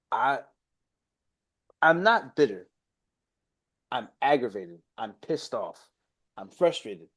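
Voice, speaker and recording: A man's voice: medium pitch, big pitch swings, takes it slowly, long pauses. A young man, ranting about his football team on a casual reaction stream, exasperated and dramatic. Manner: exasperated, ranting, swings from mumbled gloom to loud outbursts.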